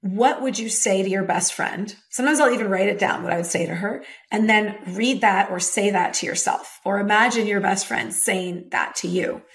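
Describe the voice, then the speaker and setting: A woman's voice: mid-range voice, normal speed, hardly any pauses. Upbeat woman coach on a podcast. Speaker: podcast guest, women's leadership coach. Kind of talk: conversational interview.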